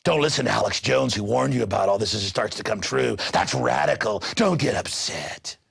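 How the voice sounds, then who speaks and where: Man, news show host, heated ranting monologue, very gravelly, husky voice. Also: lowish voice, brisk, dry recording, studio quality. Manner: ranting, impassioned, bursts into shouting.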